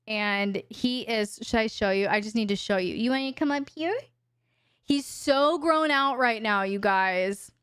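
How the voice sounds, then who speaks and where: Woman host, candid and chatty, higher voice, smooth and clear, dry close mic, live-stream Q&A. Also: a little slow, a bit bright, dry recording. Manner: chatty, frank, talks to her dog in baby talk. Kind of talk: casual live-stream chat. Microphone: desk microphone.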